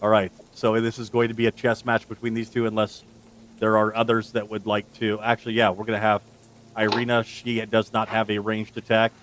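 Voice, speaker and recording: A low-pitched man leads a tabletop session as game master. He narrates the action at an easy pace and slows down for dramatic beats. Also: completely flat delivery, fairly bright tone, slight background noise.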